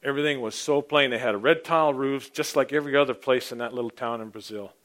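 A man preaching an informal, rambling sermon, often clearing his throat and swinging between loud emphasis and near-quiet asides. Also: mid-range voice, fast talker.

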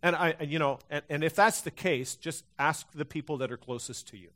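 A man preaching a sermon as pastor, in a conversational, animated way with frequent restarts. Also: on the high side, brisk.

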